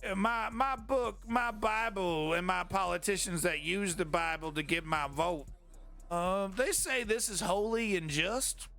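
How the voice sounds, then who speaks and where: A man's voice: high voice, unhurried, sharp tone, faint music behind, voice pushed up, exaggerated voice. A man voicing a creepy male small-town cop who keeps apologizing in a drawling, mock-polite way. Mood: mock-apologetic.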